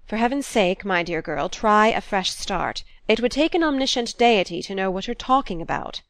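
A woman voicing a moody, sardonic young gentleman lawyer in a book reading, with dry, scornful retorts. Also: medium pitch, animated, normal speed, no echo.

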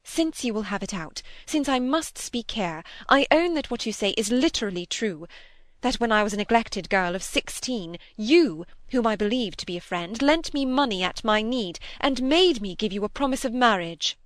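A woman's voice: lively intonation, normal speed, no echo, close to an everyday voice. A woman reading the part of a distressed young woman, pleading and emotional, with a raised, strained voice in an audiobook. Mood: distraught. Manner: emotional, pleading, high-strung.

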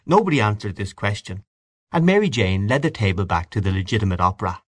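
A man narrating a classic story in a measured, expressive audiobook reading. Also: fairly low pitch, dry recording, studio quality.

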